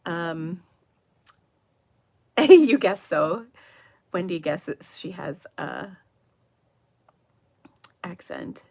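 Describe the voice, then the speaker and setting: A woman's voice: on the low side, big pitch swings, very slow, long pauses, dark tone. A middle-aged woman, hosting a casual live stream and chatting with viewers in a giggly, rambling way. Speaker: livestream host of a papercraft show. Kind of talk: casual live chat reading viewer comments.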